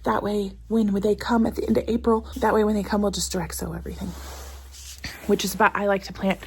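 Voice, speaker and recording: A woman's voice: mid-range voice, level tone, quick pace, darkish tone, slightly rough. Chatty homesteading woman with a cold. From Central Oregon. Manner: chatty, rambling, self-deprecating. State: has a cold, out of breath from trudging through snow. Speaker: homesteading vlogger. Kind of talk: casual vlog narration. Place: outdoors on a snowy homestead and greenhouse.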